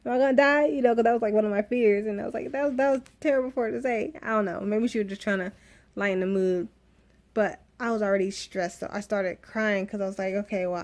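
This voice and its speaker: A woman's voice: mid-range voice, darkish tone. A woman in her thirties telling her own birth story in a candid, emotional vlog, rambling with restarts. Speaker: vlogger.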